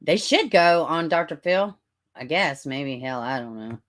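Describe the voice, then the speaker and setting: A woman's voice: sits low, lively intonation, unhurried. A woman from Middle Tennessee with a Southern accent, chatting casually on a livestream, greeting viewers as honey and baby and reading their comments. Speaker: true-crime livestream host.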